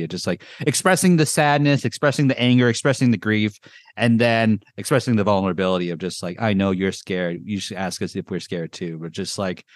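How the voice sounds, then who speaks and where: A man hosting a podcast in casual chat, rambling and excitable with lots of filler words. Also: fairly low pitch, dry recording, clean studio sound. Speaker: podcast host. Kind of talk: casual chat reviewing music.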